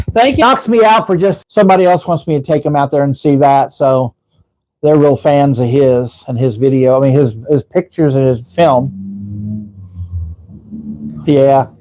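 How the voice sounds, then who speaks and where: A man's voice: mid-range voice, measured pace, long pauses, a little mellow. A man hosting a casual live stream, rambling through stories and chatting with viewers as their comments come in. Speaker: livestream host.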